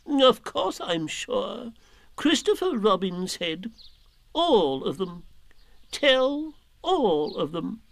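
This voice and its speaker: Male reader putting on a fussy know-all owl, high piping voice, dry close sound. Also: sing-song, extremely slow, vocal fry, no room sound, full character voice. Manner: fussy, lecturing, sulky. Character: fussy, self-important old male owl. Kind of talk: storybook reading.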